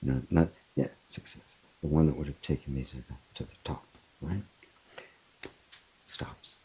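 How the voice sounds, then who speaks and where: A middle-aged man, a spiritual teacher, talking reflectively in an open forum and telling stories with animated bursts. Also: very deep voice, a little fast, a little hiss or hum, low-quality recording. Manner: reflective, animated storytelling with laughs. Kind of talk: open forum talk on self-inquiry.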